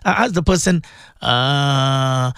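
A man's voice: medium pitch, takes it slowly, vocal fry, fairly bright tone, clear, resonant tone, no room sound, studio quality. A man presenting on religious radio, preaching and pleading with his listeners, repeating himself as he talks. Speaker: radio presenter and Islamic teacher.

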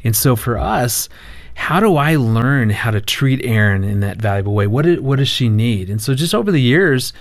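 A man's voice: medium pitch, animated, moderate pace. A man, a marriage counselor appearing as a guest, telling a family story in conversation. He stops and starts, repeats his words and acts out the lines he quotes.

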